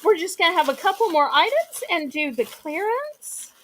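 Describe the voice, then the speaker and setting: Hosting a live online auction, this woman has a very high-pitched, very animated voice at a normal pace, with a slight hiss or hum in the audio. Her chatty, folksy sales patter comes through a voice she says is wearing out, as she's losing it.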